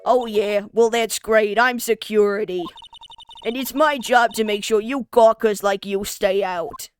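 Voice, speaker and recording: Brief: a woman putting on a loud, nagging old New York security lady, mid-pitched, game music underneath. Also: measured pace, natural voice. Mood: scolding. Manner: loud, scolding, rambling. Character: nosy elderly woman studio security guard, bossy.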